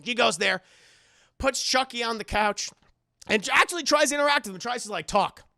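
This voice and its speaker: A man's voice: very high voice, lively intonation, moderate pace, gravelly, pushed and bright, no echo, studio quality. A man casually recapping a film on a live stream, rambling and swearing, talking to his chat. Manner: rambling, profane, addresses chat.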